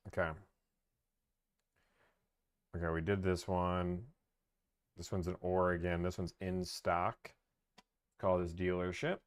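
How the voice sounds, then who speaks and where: Playful car-deal streamer; smooth voice, dry booth sound. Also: male voice, deep voice, flat delivery, slow, pauses often, no room sound. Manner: playful, joking, upbeat. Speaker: host negotiating car deals live. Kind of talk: live-stream commentary and phone negotiation.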